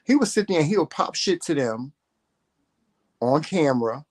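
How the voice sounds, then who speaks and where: A man's voice: on the high side, very animated, normal speed, darkish tone. Profane, confrontational man ranting. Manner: profane, confrontational, emphatic repetition. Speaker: vlogger. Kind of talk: ranting storytelling to camera.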